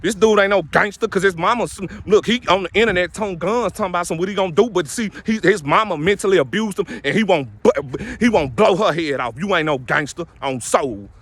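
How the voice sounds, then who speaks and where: A man's voice: sits high, brisk, hardly any pauses, a bit bright. A young man in his twenties ranting bluntly to camera in heavy street slang, preaching and calling people out. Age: 20s. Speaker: vlogger.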